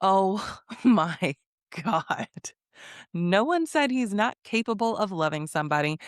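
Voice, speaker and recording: A woman's voice: medium pitch, no room sound, clean studio sound. A woman giving a casual reality TV recap, blunt, sassy and profane, often breaking into laughter. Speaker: recap vlogger.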